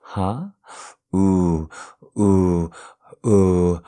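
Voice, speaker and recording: A man's voice: deep voice, takes it slowly, a little mellow. A man speaking in an intimate erotic role-play audio, addressing his partner in a commanding, teasing way and repeating his phrases.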